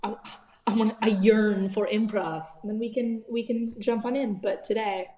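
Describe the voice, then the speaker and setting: A woman's voice: mid-range voice, steady tone, moderate pace, mellow, reverberant. A woman co-hosting a tabletop roleplay podcast, chatting easily and giggling often. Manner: giggly, easygoing. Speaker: podcast co-host and game master. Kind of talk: casual banter.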